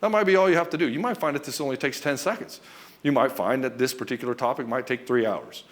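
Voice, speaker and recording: A man coaching other men in a direct, blunt and profane way, speaking fast and with emphasis. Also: medium pitch. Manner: acts out short quoted lines in other voices. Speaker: relationship coach. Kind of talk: direct-to-camera coaching talk.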